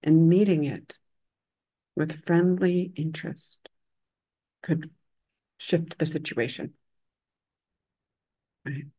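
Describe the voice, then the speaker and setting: A hospital chaplain giving a dharma talk, telling a story in a reflective, measured way with gentle emphasis. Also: mid-range voice, steady tone, slightly rough, muffled recording. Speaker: hospital chaplain and Buddhist teacher.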